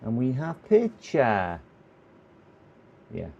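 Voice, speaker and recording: A man's voice: medium pitch, wildly swooping pitch, extremely slow, gravelly, a little mellow, dull audio, slight background noise. A man talking casually on a livestream while repairing a PC, muttering to himself as he works. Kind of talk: casual live commentary while working.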